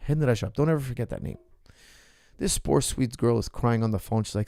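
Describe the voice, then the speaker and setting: Hosting his own ask-me-anything livestream, a martial arts coach argues his point passionately, firing rhetorical questions at viewers. His medium-pitched voice is mellow and fairly quick, captured in clean studio sound with no room echo.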